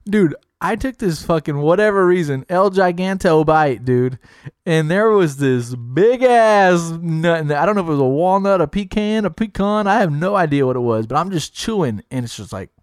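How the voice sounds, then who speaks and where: A man's voice: a little high, moderate pace, smooth, no echo, clean studio sound. Give me a brash, teasing man co-hosting a podcast, telling stories with lots of swearing. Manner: brash, profane, teasing, animated storyteller. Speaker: podcast co-host. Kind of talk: casual podcast banter.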